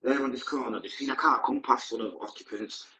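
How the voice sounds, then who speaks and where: A man's voice: mid-range voice, fast, sharp tone, roomy sound, low-quality recording. Blunt man telling his story. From Manchester, England. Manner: candid, vivid, blunt present-tense recounting. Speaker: podcast guest. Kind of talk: personal storytelling.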